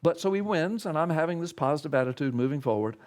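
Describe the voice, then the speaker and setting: A man, a pastor, telling his story in an interview with an emphatic, animated manner. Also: a little high, fast talker. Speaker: pastor and radio talk guest.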